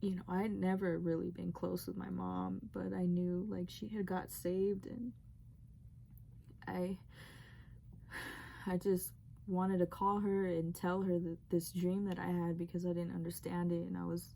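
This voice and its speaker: Young female vlogger with a low, mellow voice; earnest, rambling testimony full of fillers. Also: flat delivery, unhurried, gravelly, a little hiss or hum. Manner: rambling, heavy use of "like". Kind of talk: emotional personal storytelling.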